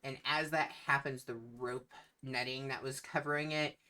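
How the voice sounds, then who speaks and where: A game master narrating a tabletop game in an unhurried way, with many fillers. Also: medium pitch, fairly even intonation, sharp tone.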